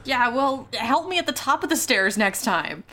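A woman's voice: on the high side, lively intonation, normal speed, sharp tone, a little hiss or hum, pitched above the performer's own voice. A woman voicing a proud, embarrassed young adventurer in a tabletop game, stammering defensively. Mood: huffy.

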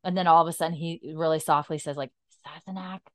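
Smooth low-voiced woman recapping an episode. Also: quick pace. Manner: animated, retells scenes in detail. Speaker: podcast co-host. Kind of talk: casual episode recap chat.

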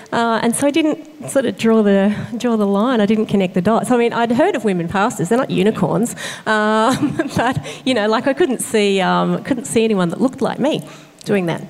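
A woman's voice: on the high side, a little mellow, big-room sound. A woman associate pastor, talking earnestly and thoughtfully about her calling in an interview, with frequent fillers and restarts. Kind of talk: conversational interview.

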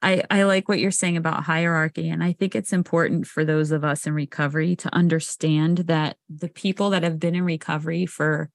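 A woman's voice: low voice, fairly even intonation, fairly quick, hardly any pauses, no echo. A woman co-hosting a podcast about recovery, talking candidly in casual chat, swearing freely and laughing often. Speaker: podcast co-host.

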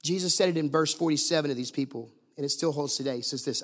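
A man with a high-pitched voice delivers a sermon as the pastor. He preaches emphatically, leaning on repetition and strings of rhetorical questions aimed at the congregation. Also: quick pace, hardly any pauses.

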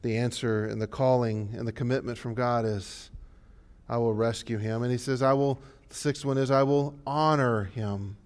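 A male pastor preaching a sermon, swinging from hushed, low passages to loud, rising exhortations. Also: fairly even intonation, moderate pace.

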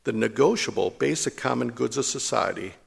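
A man, a priest, preaching a sermon in a measured, emphatic way, slowing down to stress lists. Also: mid-range voice, vocal fry, husky, long reverb tail.

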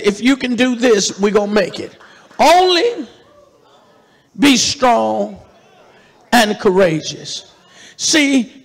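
High-pitched, gravelly preacher. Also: male voice. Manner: preaching with call-and-response, rising to shouts. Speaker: pastor. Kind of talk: sermon. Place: church sanctuary. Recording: live church hall reverb with congregation.

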